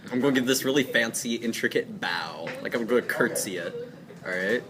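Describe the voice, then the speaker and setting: A man's voice: mid-range voice, fairly quick, crowd noise. A man playing in a tabletop game, laughing a lot and reacting in disbelief. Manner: laughs a lot, playful, incredulous. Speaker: player. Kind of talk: casual tabletop role-play.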